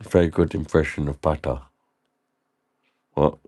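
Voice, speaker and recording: A man's voice: a bass voice, flat delivery, unhurried, dark tone. A man drinking and joking through a casual livestream, reading comments aloud and laughing often. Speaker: livestream host.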